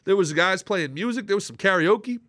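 A man with a bright, slightly raised voice hosts a casual podcast from a dry studio. He wanders through his stories with fillers and restarts, then lands his points with emphasis. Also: high voice, expressive, moderate pace, no room sound. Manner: rambling, hesitant, with many restarts, then emphatic. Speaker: podcast host.

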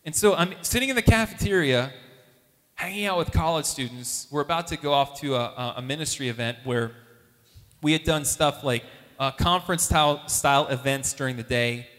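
At a Catholic gathering, a man tells a lively faith story as testimony at normal speed, animatedly acting out the people's voices with big jumps in pitch. Long hall reverb trails his words.

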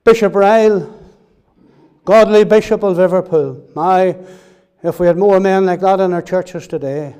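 High-voiced, mellow male preacher. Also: a little slow, clear, resonant tone. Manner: earnest, repeats key phrases for emphasis; asks the listeners direct questions. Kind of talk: sermon.

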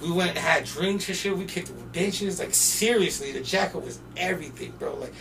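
A young man from Portland, a podcast guest, telling loose, profane stories in casual chat and shouting when he quotes people. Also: high voice, brisk, vocal fry. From Portland, Oregon. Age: young adult. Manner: loose, profane, animated storyteller who often shouts when quoting people. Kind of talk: casual storytelling. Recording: distant mic with faint noise.

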